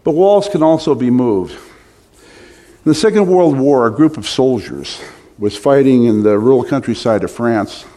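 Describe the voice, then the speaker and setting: Man, middle-aged, sermon, storytelling, emphatic stresses, mid-pitched voice. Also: lively intonation, a little slow, dark tone. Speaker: preacher.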